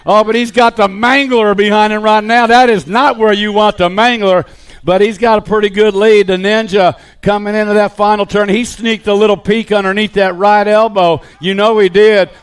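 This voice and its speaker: A man giving live BMX race commentary, calling riders and positions in an excited play-by-play. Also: sits high, normal speed, smooth. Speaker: race announcer.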